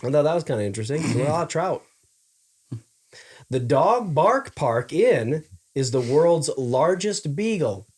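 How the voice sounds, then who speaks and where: A man co-hosting a casual podcast, reading out trivia facts slowly and joking with friends. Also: fairly high pitch, big pitch swings, darkish tone, breathy edge. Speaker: podcast co-host. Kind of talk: casual chat.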